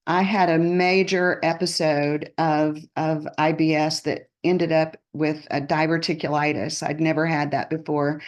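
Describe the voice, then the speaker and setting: A woman's voice: low voice, measured pace, hardly any pauses. Chatty woman telling a story on a call. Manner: chatty, animated storyteller acting out quotes. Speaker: guest on a team call. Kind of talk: casual storytelling.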